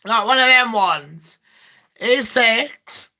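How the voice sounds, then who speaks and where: A woman's voice: fairly high pitch, lively intonation, extremely slow, sharp tone. A woman ranting in a casual gossip vlog, brash and full of swearing, laughing often. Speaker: gossip vlogger.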